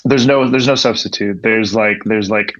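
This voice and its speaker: Lowish and fairly bright, the young man's voice keeps a fairly even intonation at a moderate pace, with no room sound on dull lo-fi podcast audio. He's a coffee professional from Ontario, Canada, rambling casually, swearing freely and saying "like" a lot.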